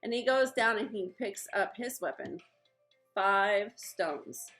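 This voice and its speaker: A woman's voice: mid-range voice, takes it slowly, soft background music, low-quality recording. Chatty woman telling kids a Bible story. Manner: lively, chatty, acts out characters' lines. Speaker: children's ministry teacher. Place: at home.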